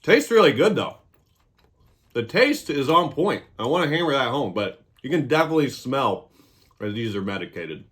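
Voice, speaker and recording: A man's voice: medium pitch, very animated, normal speed, fairly bright tone. Casual man hosting a review vlog. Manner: joking, irreverent. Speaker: cannabis reviewer.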